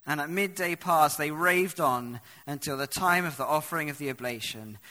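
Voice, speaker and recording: Bright-voiced man preaching a sermon. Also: fairly high pitch, moderate pace, few pauses. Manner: dramatic, swings from hushed to loud when reading. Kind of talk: sermon reading and explaining scripture.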